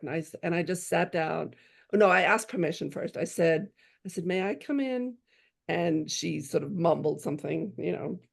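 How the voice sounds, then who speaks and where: Woman, middle-aged, gravelly voice, earnest storytelling, lots of restarts. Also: on the low side, darkish tone. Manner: earnest, many restarts and "you know"s, acts out quoted voices. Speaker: parent sharing a story. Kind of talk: casual storytelling.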